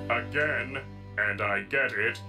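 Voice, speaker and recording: Guy doing a dead-flat robot head, super formal, music under it. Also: mid-range voice, takes it slowly, natural voice. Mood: stern. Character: stoic android, now just a severed head.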